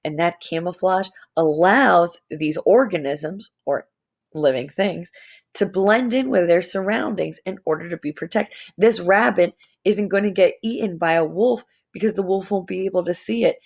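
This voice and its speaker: A woman's voice: fairly low pitch, vocal fry. Playful woman teaching a young class. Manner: animated, playful, drawn-out words. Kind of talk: recorded lesson for young students.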